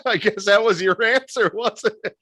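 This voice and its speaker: A male show host interviewing a guest, laughing along in relaxed chat. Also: high-pitched, moderate pace, breathy edge.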